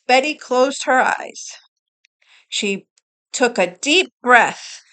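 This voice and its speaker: A woman reading a picture book aloud to a child, slowly and expressively, pausing to point out the pictures. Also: medium pitch. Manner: slow, expressive, doing voices and pointing out pictures.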